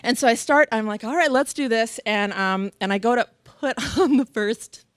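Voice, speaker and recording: A woman's voice: a little high, moderate pace, clear, resonant tone, no echo. A middle-aged woman telling a comic personal story, acting out voices and laughing often. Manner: animated, acts out other people's voices, laughs often.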